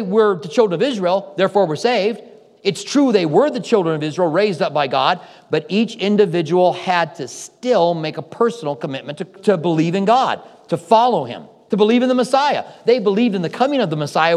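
With a high, darkish voice and lively intonation, a pastor preaches a little fast with few pauses. His sermon features chatty stories in which he acts out people's words. Hall reverb is audible.

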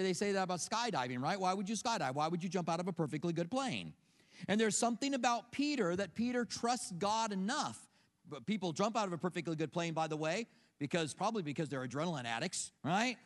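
Male pastor, middle-aged, high-pitched, conversational sermon, rhetorical questions, reverberant sanctuary. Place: church sanctuary.

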